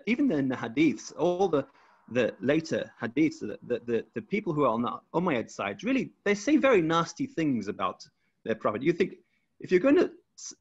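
A man's voice: a little high, husky, lo-fi sound. A man presenting his research over a video call, explaining step by step with frequent restarts.

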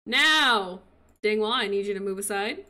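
Excitable, bright-voiced woman gamer. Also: mid-range voice, normal speed. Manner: excitable, cheering and laughing. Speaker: gaming video creator. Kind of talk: casual game commentary.

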